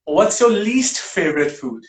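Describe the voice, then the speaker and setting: A male talk show host firing off quick questions in a brisk, teasing way. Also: high-pitched, big pitch swings, roomy sound. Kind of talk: quick-fire interview questions.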